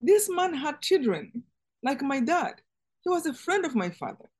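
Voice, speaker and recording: Woman, higher voice, earnest, emotional, halting restarts, personal testimony. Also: sing-song. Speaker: interview guest.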